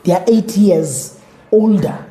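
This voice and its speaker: A middle-aged woman with a Kenyan accent, telling her personal story as an interview guest, animated and acting out the voices of others. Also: medium pitch, slow pace, roomy sound. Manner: animated, acts out quoted voices, mixes in Swahili words.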